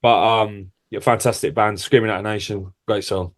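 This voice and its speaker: A man's voice: on the low side, fairly even intonation, normal speed. A man, a band's singer, talking casually in an interview with lots of filler words. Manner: rambling, full of filler words, laughs often. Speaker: band vocalist, guest.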